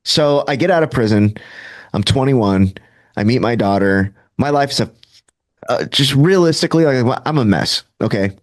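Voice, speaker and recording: A man's voice: mid-range voice, expressive, moderate pace. A man in his thirties from Southern California, telling his recovery story in a casual, self-deprecating way and acting out bits of dialogue. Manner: casual, self-deprecating, filler-heavy, acts out quoted dialogue. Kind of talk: candid conversational storytelling.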